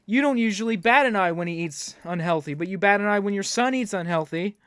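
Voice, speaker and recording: A host reacts to a video clip with indignant, profane rants. The voice sits at a middle pitch and is recorded dry and close, with no room sound around it. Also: quick pace, a bit bright, smooth, dry recording.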